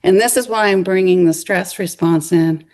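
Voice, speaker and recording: A middle-aged woman giving a lecture, telling a story in a lively way and acting out the voices of people she quotes. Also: on the low side, moderate pace. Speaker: speaker. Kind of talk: university lecture.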